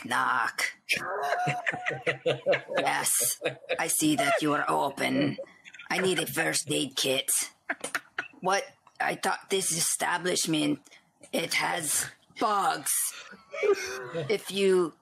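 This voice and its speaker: A woman putting on an Austrian accent to play a blunt action-hero strongman who speaks in deadpan, clipped commands. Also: sits low, takes it slowly, gravelly, long pauses, a little hiss or hum, exaggerated voice. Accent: put-on Austrian.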